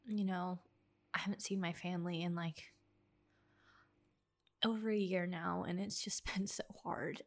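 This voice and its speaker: A young woman hosting a personal podcast alone at home, talking in halting, emotional bursts with restarts and sighs. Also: fairly low pitch, steady tone. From United States. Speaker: podcast host.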